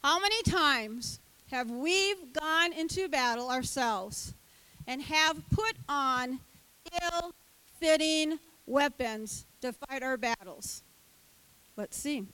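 An older woman who teaches Sunday school, giving an animated sermon and acting out the voices of the characters. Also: sits high, slow pace, no room sound, low-quality recording.

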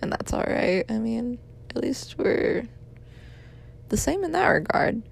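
Tired, gravelly-voiced young woman rambling. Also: on the high side, sing-song, a little slow. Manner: apologetic, rambling, sighing. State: tired, yawning. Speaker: caller leaving a voicemail.

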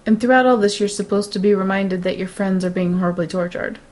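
A woman's voice: mid-range voice, quick pace, a little mellow. A woman co-hosting a casual chat, teasing her co-host with pointed questions. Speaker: podcast co-host.

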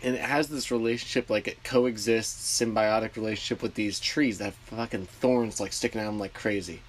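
A man co-hosting a podcast in casual chat, rambling and excitable, with plenty of swearing. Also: fairly low pitch, a little fast. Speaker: podcast co-host.

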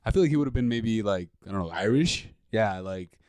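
A young man chatting casually with friends, laid-back and rambling, quick to laugh. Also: on the low side, lively intonation, a little mellow, clean tone, no echo. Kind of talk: casual chat.

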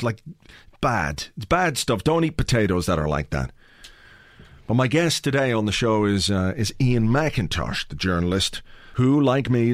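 A podcast host with a mid-range voice talks casually from his home office mic. He meanders, cracks comic asides and swears a lot. The recording is dry and of studio quality.

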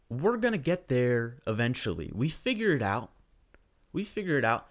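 A man's voice: medium pitch, sing-song, moderate pace. A young man ranting profanely and sarcastically through a solo podcast monologue.

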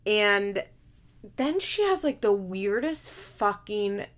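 A woman's voice: mid-range voice, big pitch swings, slow pace. A woman hosting a podcast, chatting casually and bluntly with lots of "like" fillers as she recaps a reality show. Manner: blunt, opinionated, heavy use of "like" fillers. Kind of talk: casual chat.

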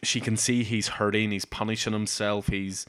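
A man's voice: lowish voice, little pitch movement, normal speed, fairly bright tone, no echo, clean studio sound. A man, hosting a casual comics chat and eagerly recounting scenes in detail. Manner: enthusiastic, summarizes scenes in detail. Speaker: podcast host.

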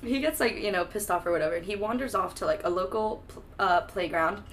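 A young woman chatting on a podcast in an easygoing, sarcastic way, swearing freely as she sums up the story. Her voice sits at a middling pitch. Faint background noise sits under the recording. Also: quick pace, a bit bright. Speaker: podcast co-host. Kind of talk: casual book-discussion chat.

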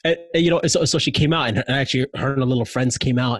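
A man telling stories in casual chat, animated and slangy, with many fillers. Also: mid-range voice, racing, no room sound.

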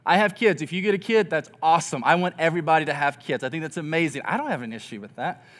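Speaking quickly, a pastor with a notably high voice gives a relaxed, conversational sermon. He imitates grumbling people to drive his point home, staying earnest and expressive the whole way through.

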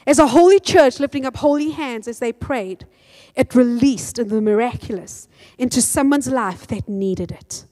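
A woman pastor with a bright, high-pitched voice preaches with lively energy. She reads scripture aloud and acts out the quotes as she goes. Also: moderate pace. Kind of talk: sermon.

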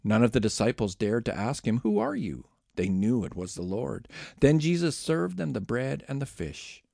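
A man giving an expressive, dramatic reading of scripture aloud. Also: medium pitch, normal speed, vocal fry, dry recording, studio quality. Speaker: scripture reader.

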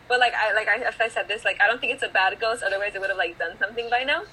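A woman's voice: mid-range voice, very fast, few pauses, sharp tone, slight background noise, rough recording. A teenage girl hosting her podcast, telling a story in a rambling way, filling it with "like". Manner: rambling, filler-heavy storytelling full of "like". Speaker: podcast host. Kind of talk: casual chat, storytelling.

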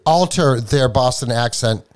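A man in his fifties with a New England accent, his voice at an ordinary middle pitch. He co-hosts a casual podcast, rambling and restarting his sentences, with the odd swear word thrown in. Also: unhurried. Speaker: podcast co-host.

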